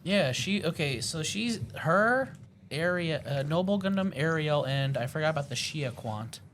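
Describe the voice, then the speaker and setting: A man co-hosting a podcast in casual chat, rambling excitedly with lots of fillers and self-corrections. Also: on the high side, a little slow, slight background noise. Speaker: podcast co-host.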